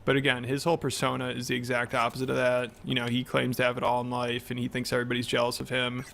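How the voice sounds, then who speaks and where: A man's voice: mid-range voice, monotone, fast talker, gravelly. A man giving scripted commentary in a sarcastic, mocking tone. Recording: voice-over with loud music under it.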